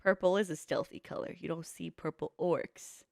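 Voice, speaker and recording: A woman's voice: on the low side, fairly even intonation, normal speed, gravelly, no echo, clean studio sound. A young woman streamer in casual chat, blunt, laughing often and swearing freely. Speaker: streamer reacting to a video.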